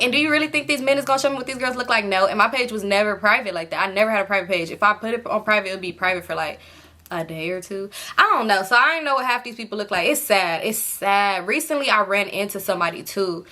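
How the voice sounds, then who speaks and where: Bright-voiced chatty young woman storyteller. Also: fairly high pitch, fast. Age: late 20s. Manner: chatty, candid, addresses viewers as y'all, swears freely. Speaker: storytime vlogger. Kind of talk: casual storytelling to viewers.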